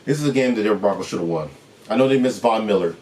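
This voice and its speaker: A man's voice: lowish voice, lively intonation, very fast, a little mellow. A man hosting his own channel, giving a solo sports recap and ranting through rhetorical questions.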